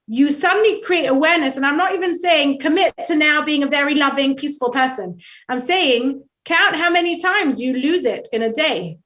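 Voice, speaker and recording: A woman speaking as a guest expert on a talk show, giving animated advice and acting out little quoted exchanges. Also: high voice, moderate pace. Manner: lively, acts out quoted dialogue, rhetorical asides.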